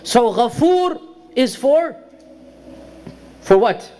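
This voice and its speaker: A man's voice: extremely high pitch, very animated, extremely slow, dark tone. A man lecturing to a congregation, explaining step by step and repeating key terms for emphasis. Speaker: religious lecturer. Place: Islamic centre lecture hall.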